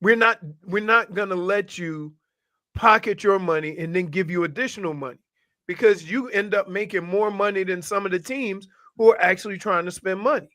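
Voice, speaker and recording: A man's voice: sits high, normal speed, bright, forceful tone, dry recording, clean studio sound. A man co-hosting a sports radio show, cracking jokes and restarting his sentences. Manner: wisecracking, stumbling restarts. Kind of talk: casual sports radio chat.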